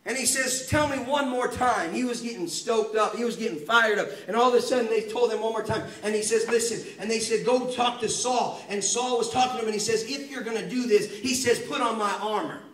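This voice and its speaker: A man preaching a sermon, telling a story with lively acted-out dialogue and direct questions to the congregation. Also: very high voice, fairly quick, hardly any pauses. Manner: animated storytelling, acting out biblical dialogue. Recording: echoey room, mic at a distance.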